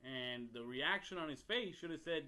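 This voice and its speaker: A man's voice: a little high, lively intonation, moderate pace, sharp tone. A man hosting a podcast, telling a story in a blunt, profane, rambling way with frequent restarts. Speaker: podcast host. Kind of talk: casual storytelling monologue.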